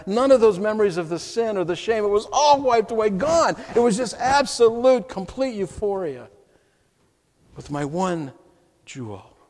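A male pastor preaching an emotional first-person story, heartfelt, going from hushed to exclaiming, in a church sanctuary. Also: high voice. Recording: long hall reverb.

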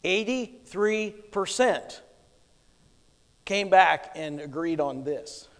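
A male pastor preaching a sermon with emphatic delivery, swinging between soft and loud. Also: sits high, animated, slow pace, in a large hall.

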